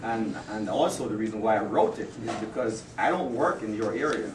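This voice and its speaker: A man giving a casual farewell speech at a work party, chatty and jokey, halting often with fillers, reading part of it from his notes. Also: lowish voice. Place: office party room. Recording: echoey room, distant mic, noisy.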